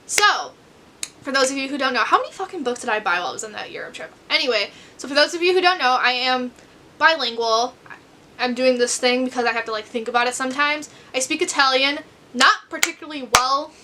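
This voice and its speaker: A woman's voice: sits high, animated, brisk, sharp tone, slight background noise. An American woman in her twenties, chatting to camera at home about her unread books in a rambling, self-deprecating way. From United States. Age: 20s. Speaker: book vlogger. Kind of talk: casual chat to camera.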